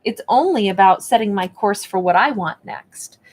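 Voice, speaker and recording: A woman's voice: mid-range voice, lively intonation, moderate pace, a little mellow, a little hiss or hum. A woman giving a spoken tarot and oracle card reading at home, talking in a reflective, encouraging way with lots of fillers. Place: indoors at a table with her card decks.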